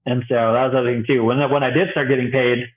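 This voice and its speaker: A man's voice: medium pitch, very fast. A young man, a bi-vocational youth pastor, chatting casually as a podcast guest and acting out the voices in his stories. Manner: animated storyteller, acts out quoted voices, laughs often. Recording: tinny phone-like line.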